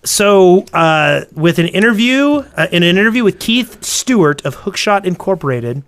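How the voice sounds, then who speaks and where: A man's voice: sits high, sing-song, moderate pace, a bit bright. A man co-hosting a casual podcast, reading out news items, laughing often and tripping over repeated words.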